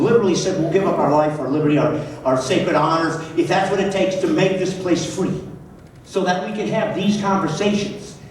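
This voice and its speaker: A man, a comedian, giving a punchy stand-up speech at a banquet with sarcastic asides. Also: fairly high pitch. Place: large banquet hall. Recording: distant, echoey hall with crowd. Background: audience laughter and room noise.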